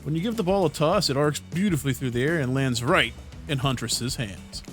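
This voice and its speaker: A man's voice: medium pitch, a little fast, faint music behind. A young man hosting a let's play, reading the game's text aloud with jokes and laughing often. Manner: playful, laughs between lines.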